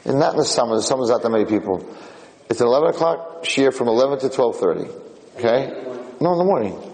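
In a large hall, a rabbi leads a casual Torah class, his mid-range voice moving quickly as he tells lively stories. He repeats himself and restarts phrases along the way. The audio quality is poor.

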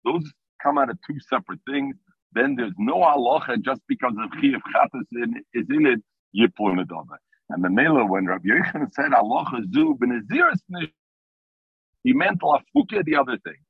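A man's voice: mid-range voice, very animated, moderate pace, vocal fry, breathy edge, no room sound. A man teaching a Talmud class over the phone from his car, explaining the text in English mixed with Hebrew and Aramaic terms. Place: in a car while driving. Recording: tinny phone line.

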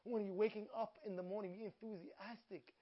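A man giving a lively Torah talk to an audience, repeating himself and acting out little prayers and scenes. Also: high voice, brisk. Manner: animated, repetitive, acts out little prayers and scenes. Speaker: Torah teacher. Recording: dull lo-fi recording.

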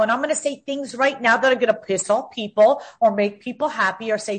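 A woman's voice: a little high, fairly quick, hardly any pauses. A woman in her fifties talking as an interview guest, outspoken and combative, repeating herself when heated. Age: 50s.

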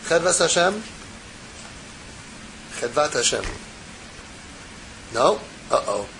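Male teacher, high voice, reads text aloud then explains it casually to students. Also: very animated, slow pace, fairly bright tone, a little hiss or hum, poor audio. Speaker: Torah class teacher. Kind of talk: text study class, reading and translating.

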